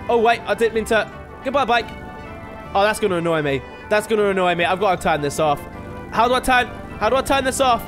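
This gaming video host has a high, slightly bright voice. He's a young man giving casual let's-play commentary, chatting loosely as he plays, wandering off on tangents and chuckling at his own expense.

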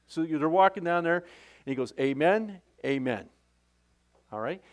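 Folksy middle-aged preacher, fairly high-voiced man. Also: expressive, brisk. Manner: conversational, folksy preaching with frequent restarts. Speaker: pastor. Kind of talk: sermon.

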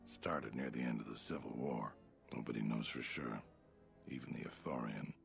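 A gruff, weathered militia captain in a video game, speaks in a very deep voice full of gravel and fry. He talks tersely and with world-weary bluntness. Faint game music plays behind him. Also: fairly even intonation, moderate pace, full character voice.

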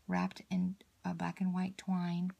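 A woman hosts a casual craft unboxing, gushing over each piece. Her voice carries a heavy gravelly fry, and she often slips into a soft half-whisper. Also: on the low side, completely flat delivery, slow, a little hiss or hum. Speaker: craft channel host. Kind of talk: casual unboxing chat to viewers.

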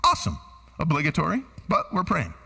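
Animated, husky-voiced man preaching. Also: fairly high pitch, a little fast, big-room sound. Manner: animated preaching, quizzing the congregation, shifting from shouts to hushed tones. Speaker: pastor. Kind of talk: sermon. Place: church sanctuary.

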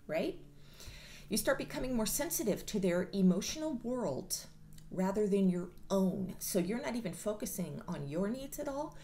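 A woman's voice: mid-range voice, big pitch swings, normal speed, mellow, slight background noise. A woman vlogger giving a casual monologue in a blunt, profane and sarcastic way. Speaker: mental health vlogger.

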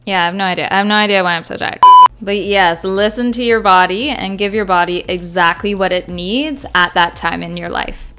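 A woman's voice: mid-range voice, brisk. A young woman chatting casually to viewers in a vlog, upbeat and direct. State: out of breath at times. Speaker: vlogger.

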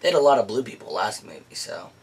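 A man reviewing a movie in casual chat, excitable and gushing, often exclaiming and laughing. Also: fairly low pitch, fast talker, creaky, husky, recorded from a distance.

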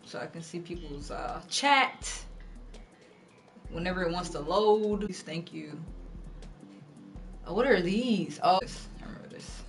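Streamer, live gameplay commentary, swearing, excitable, bright voice, faint background music. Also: mid-range voice, unhurried, long pauses. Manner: swearing, frustrated outbursts, excitable.

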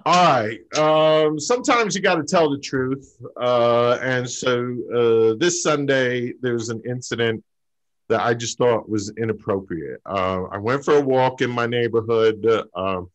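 A man doing a stand-up story over a video call, halting, with lots of fillers and pauses. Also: mid-range voice, rough recording. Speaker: stand-up comic.

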